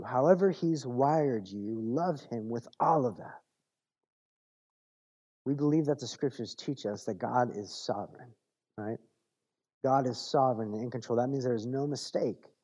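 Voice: mid-range voice, measured pace, warm tone, breathy edge, lo-fi sound. A pastor preaching a sermon, building long rhythmic lists, asking rhetorical questions and reading scripture aloud.

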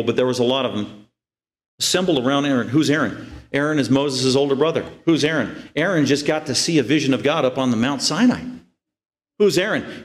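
A man preaching an expository sermon, animated and full of rhetorical questions, reading scripture slowly and with emphasis. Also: medium pitch. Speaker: pastor.

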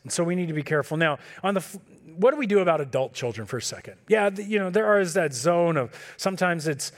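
A man preaching a sermon in a relaxed, conversational way, acting out talks with his kids. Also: fairly high pitch, fast talker. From California. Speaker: pastor.

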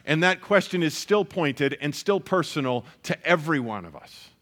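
Earnest preaching man, higher voice. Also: lively intonation, moderate pace, a bit bright. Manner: earnest, emphatic preaching with repeated phrases. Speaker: pastor. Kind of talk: sermon.

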